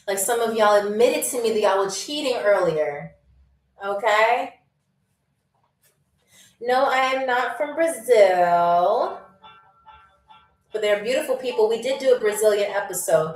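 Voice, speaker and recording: A woman hosting a live-stream quiz game. She reads out viewer comments in a playful, teasing way, often holds back laughter, and welcomes viewers as if she were a flight attendant. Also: fairly high pitch. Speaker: game show host. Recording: roomy, distant mic with faint music.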